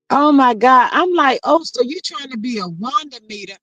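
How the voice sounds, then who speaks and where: A woman's voice: sits high, animated, measured pace, fairly bright tone, no room sound, poor audio. Woman hosting a dry, close chat. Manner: reads viewer comments aloud, agrees emphatically. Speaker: host. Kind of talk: casual livestream chat.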